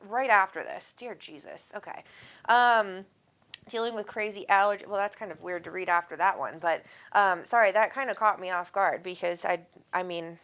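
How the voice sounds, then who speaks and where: A woman's voice: mid-range voice, fairly bright tone. A woman with a Minnesotan accent hosting a spiritual livestream, chatting casually and affectionately as she reads viewer comments aloud, with plenty of ums. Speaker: spiritual medium and livestream host.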